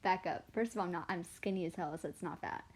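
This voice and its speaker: A woman's voice: fairly low pitch, quick pace, breathy edge. Chatty young woman rambling on stream. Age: late teens. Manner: rambling, self-deprecating storytelling; chatty and animated, voice swinging up and down. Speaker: artist livestreamer. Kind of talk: casual livestream chat while drawing.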